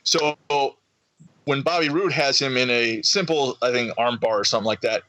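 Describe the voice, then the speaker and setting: A man co-hosting a casual podcast chat, telling an excited story and acting out the voices of people around him. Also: medium pitch, normal speed, dry recording, low-quality recording. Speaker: podcast co-host.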